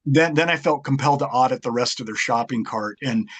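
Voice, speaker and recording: A man's voice: medium pitch, a little fast, a bit bright, slightly rough. A man, a guest martial arts author, chatting casually in an interview and rambling through stories with many fillers and restarts.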